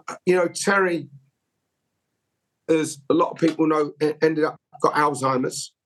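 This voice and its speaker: Male guest, husky higher voice, rambling candid storyteller. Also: poor audio. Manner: rambling anecdotal, with emotional candour. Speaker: interview guest. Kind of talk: conversational storytelling.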